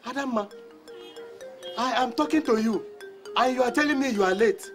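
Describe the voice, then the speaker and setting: A man's voice: very high-pitched, normal speed. An actor with a Nigerian accent playing a stern middle-aged father who scolds his daughter. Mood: scolding. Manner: scolding, exasperated. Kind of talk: Nollywood film acting. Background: film score music.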